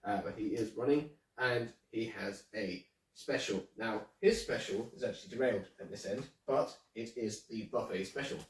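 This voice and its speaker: A man's voice: on the low side, moderate pace, roomy sound, recorded from a distance, poor audio. A man presenting his model railway in a casual show-and-tell, chatty and hesitant, with many ums. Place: indoor room with a model railway layout.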